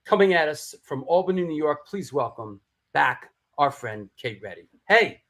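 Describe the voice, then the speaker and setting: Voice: mid-range voice, expressive, normal speed, a bit bright. A host running a live online show, introducing a guest and bantering playfully. The talk is easygoing and full of jokes. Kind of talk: casual chat.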